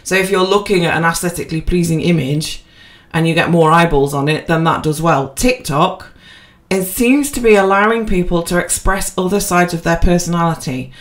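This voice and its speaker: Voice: mid-range voice, normal speed, few pauses. Casual rambling co-host, filler-heavy, unpolished podcast chat. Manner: rambling, self-deprecating, with many fillers and restarts.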